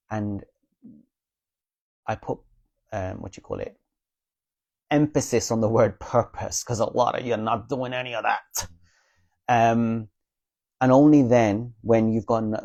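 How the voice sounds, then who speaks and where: A man with a lowish, mellow voice talks straight to his viewers about spiritual healing. He is earnest and reassuring, often checks in with them, and drops a blunt curse without fuss. The sound is dry and close. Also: dry recording. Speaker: spiritual advice creator. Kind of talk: casual spiritual talk to viewers.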